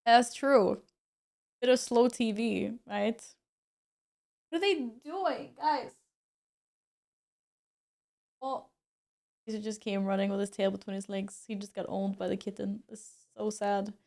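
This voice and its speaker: A woman's voice: medium pitch, steady tone, measured pace, creaky, a little mellow. A young woman streamer chatting casually with her viewers, laughing often and exclaiming as she comments on her cats.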